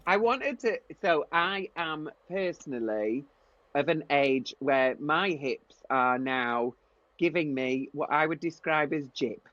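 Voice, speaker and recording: A man's voice: fairly high pitch, slow pace, fairly bright tone, no room sound, lo-fi sound. A man with a Yorkshire accent co-hosting, asking long rambling questions in casual chat. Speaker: co-host.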